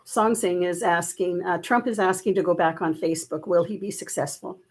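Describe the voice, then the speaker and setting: A woman's voice: on the low side, fairly even intonation, normal speed, darkish tone, low-quality recording. A woman co-hosting a casual live-stream chat, teasingly reading out viewers' questions. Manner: teasing, reads out comments.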